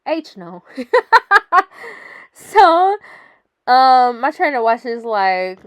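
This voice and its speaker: Young woman vlogger, chatty and encouraging, smooth higher voice, dry and slightly dull sound. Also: sing-song, takes it slowly, no room sound. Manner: chatty and encouraging, laughs often, says "honey" and "guys". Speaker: fitness vlogger. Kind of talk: casual workout vlog voice-over.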